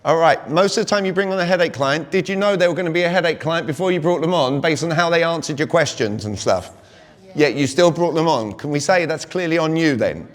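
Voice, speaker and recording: A British man in his forties delivers a lively sales seminar, keeping the crowd engaged with constant questions. His voice sits a little high. It carries with a long reverb through a large venue. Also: fast talker. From Britain. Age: 40s. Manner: energetic, keeps quizzing the audience. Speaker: conference speaker. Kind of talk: live motivational sales talk. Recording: long reverb of a big hall.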